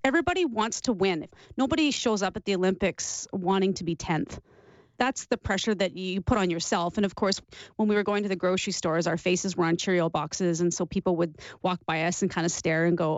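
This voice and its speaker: A woman from Canada in her forties, a former figure skater giving an interview and telling her story in an animated, emotional way. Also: fairly low pitch, a little fast, no echo, muffled recording. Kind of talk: interview recollection.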